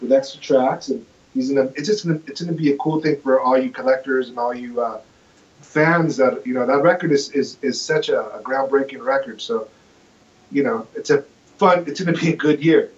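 A man's voice: medium pitch, brisk, highs cut off. A man telling a story as a guest on a casual chat show, enthusiastic and rambling, often restarting his sentences. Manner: enthusiastic, rambling, self-correcting.

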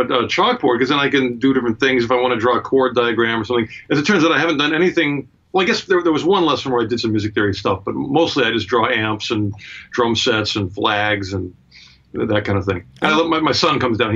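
A man's voice: mid-range voice, fairly bright tone. Laid-back male guitarist, slightly muffled. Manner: laid-back, wry storyteller. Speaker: guitarist and guest. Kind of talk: relaxed interview chat. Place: his home studio.

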